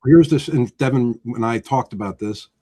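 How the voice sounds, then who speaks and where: A man from New Jersey, a guest loan officer, telling stories with lively acted-out quotes. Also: normal speed. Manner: animated, acts out quotes with swinging pitch. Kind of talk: energetic storytelling chat.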